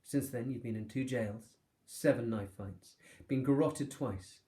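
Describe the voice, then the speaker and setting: A man voicing a sharp-eyed, defiant young boy who talks in a quick, cheeky way. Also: medium pitch, natural voice.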